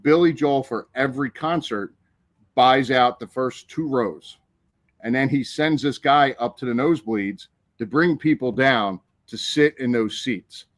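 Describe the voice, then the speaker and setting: A man telling a story in casual chat on a podcast, animated and profane, acting out the people in it. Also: medium pitch, a little slow, no echo. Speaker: podcast co-host.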